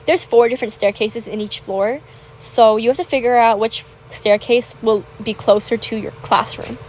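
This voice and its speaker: A woman's voice: on the high side, darkish tone, slight background noise, low-quality recording. A teenage girl chatting casually and bubbly about her school week while playing a game, retelling moments dramatically. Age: teens. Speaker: gaming vlogger. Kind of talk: casual chat over gameplay.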